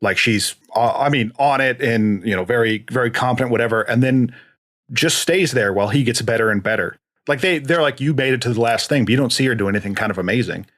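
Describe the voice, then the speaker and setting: A man's voice: mid-range voice, fairly quick, fairly bright tone. A man co-hosting a podcast in casual chat, rambling with restarts and trailing asides. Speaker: podcast co-host.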